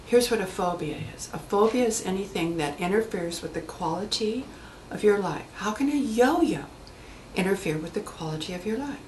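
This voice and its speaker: A woman hypnotherapist telling stories about her clients in a lively way, acting out the voices of the people in them. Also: mid-range voice, moderate pace, reverberant, a little hiss or hum, poor audio. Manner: animated storyteller acting out quoted voices. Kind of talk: anecdotal storytelling talk.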